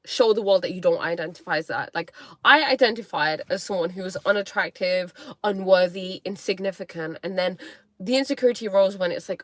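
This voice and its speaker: A woman's voice: mid-range voice, no echo. Playful, chatty woman live-streaming. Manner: chatty and playful, full of "like" and "you know"; acts out her inner critic in quick mocking voices. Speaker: livestream host. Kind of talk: casual live-stream talk, reading chat comments.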